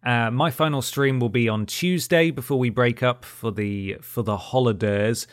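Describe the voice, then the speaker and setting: Relaxed man, dry close mic. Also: mid-range voice, moderate pace, no room sound. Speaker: podcast co-host. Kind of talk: casual podcast outro.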